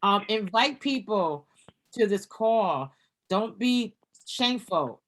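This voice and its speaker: A woman's voice: medium pitch, lively intonation, slow pace, a bit bright. A woman moderating a video call, speaking in an upbeat, encouraging way. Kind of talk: casual meeting talk.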